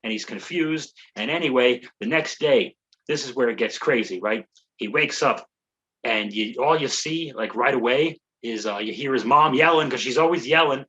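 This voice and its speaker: Bright-voiced profane comedian recapping a film. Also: male voice, mid-range voice, normal speed, lo-fi sound. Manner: profane, sarcastic, rambling storyteller. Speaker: comedian podcast host. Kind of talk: rambling comedic movie recap.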